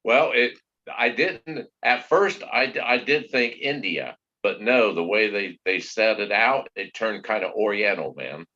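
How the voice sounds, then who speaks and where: A man's voice: lowish voice, unhurried, bright, forceful tone, lo-fi sound. A man rambling and joking as a guest in a casual live-stream chat, teasing the host.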